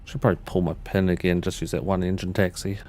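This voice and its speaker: Low-voiced man streaming a flight sim. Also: level tone, fast, mellow, a little hiss or hum. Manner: talks through cockpit steps while chatting with viewers; rambling, loose restarts. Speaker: livestreamer. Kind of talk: casual livestream commentary.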